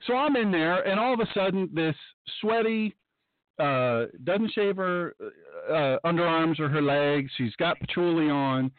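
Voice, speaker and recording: Excitable male radio host, lively swooping pitch, dry close sound, thin phone-line tone. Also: dry recording. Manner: excitable, breaks into mocking high-pitched impressions. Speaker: radio show host and pastor. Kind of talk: animated talk-radio monologue.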